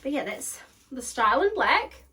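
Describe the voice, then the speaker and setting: A woman's voice: high-pitched, sing-song, moderate pace, pushed and bright, distant mic. A young woman vlogging in casual chat, bubbly and gushing, full of "like" as she tries on clothes at home. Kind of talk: casual try-on haul chat. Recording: voice picked up from across the room.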